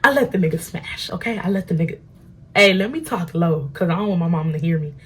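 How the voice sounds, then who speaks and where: A young adult woman at home, telling an animated, slangy story while doing her makeup. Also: on the low side, fast talker, breathy edge. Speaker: beauty vlogger.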